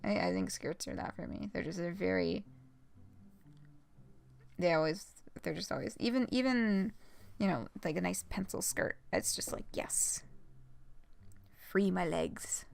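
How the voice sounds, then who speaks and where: Young woman streamer rambling to chat, slow and drawly, voice swoops up and down a lot, faint game music under it. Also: lowish voice, big pitch swings, gravelly, darkish tone. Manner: chatty, rambling with fillers and laughs. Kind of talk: casual let's-play chat.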